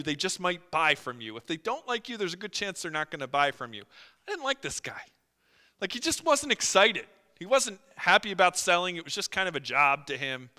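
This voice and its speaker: A male pastor preaches a sermon full of stories, animatedly acting out the quotes within them. His voice is fairly high-pitched and smooth, with a big-room sound.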